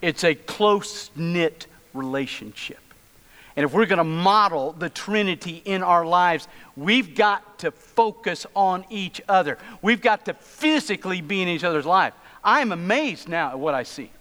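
A man's voice: sits high, lively intonation, unhurried, pushed and bright. A middle-aged male pastor preaching a sermon in a church, telling stories with humorous asides. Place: church sanctuary. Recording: long church reverb.

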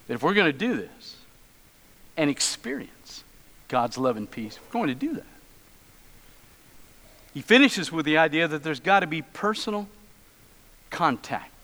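The preacher here is a middle-aged man with a bright, forceful, slightly high voice, telling stories and cracking humorous asides as he delivers a sermon. The long reverb of a church sanctuary hangs on every word.

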